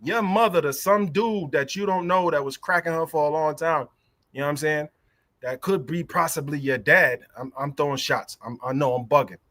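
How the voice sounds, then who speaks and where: A young man hosts a livestream and rants in a heated, profane voice, circling back to the same phrases. His voice sits a little high for a man, and the close mic sounds dry, with no room around it. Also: moderate pace, bright, forceful tone, dry recording. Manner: heated, profane, repeats himself. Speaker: livestream host. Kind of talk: casual livestream rant.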